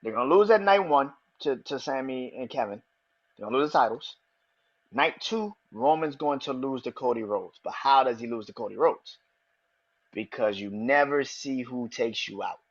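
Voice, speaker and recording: A man hosting a podcast, talking excitedly and with a lot of swearing, repeating his predictions for emphasis. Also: mid-range voice, normal speed, dull audio. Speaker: podcast host. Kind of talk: casual wrestling commentary.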